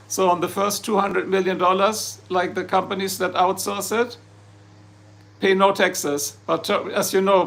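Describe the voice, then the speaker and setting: A man from Germany, German accent and all, rambles and jokes through viewer comments while hosting a casual livestream. His voice is high-pitched and fairly bright, with vocal fry.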